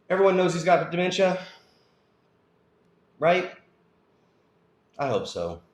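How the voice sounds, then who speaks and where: A man's voice: medium pitch, roomy sound. A man hosting a news show, going through stories in a casual, conversational way. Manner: conversational, with fillers. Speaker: news commentary host.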